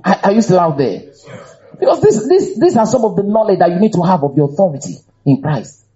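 A man preaching a sermon, emphatic and animated. He repeats phrases for emphasis and breaks into shouts and laughs. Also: high-pitched, a little fast, lo-fi sound.

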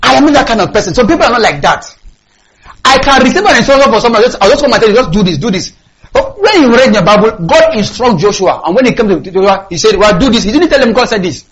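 Male preacher, very high-pitched, emphatic call-and-response delivery in church. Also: lively intonation, quick pace, a little hiss or hum, rough recording. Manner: emphatic, rising to shouts. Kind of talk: sermon.

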